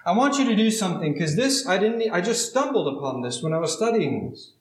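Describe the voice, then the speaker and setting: A man preaching a sermon, earnest and emphatic, reading scripture aloud and slowing down on key words. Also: high voice, very animated, roomy sound, slight background noise, rough recording.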